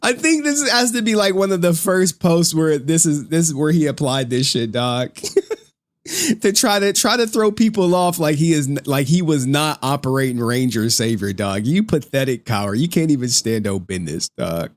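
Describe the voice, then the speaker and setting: A man doing mocking stream commentary with a very lively voice that jumps up and down in pitch. He laughs constantly and swears freely as he taunts someone. The sound is dry, with no room echo. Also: normal speed. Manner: laughs often, profane, taunting; calls people "dog".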